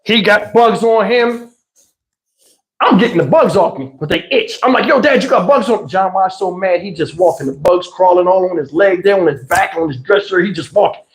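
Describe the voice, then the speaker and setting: A man's voice: high-pitched, moderate pace, echoey room, poor audio. A man telling a comic family story on a livestream, slangy and profane. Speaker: livestream host.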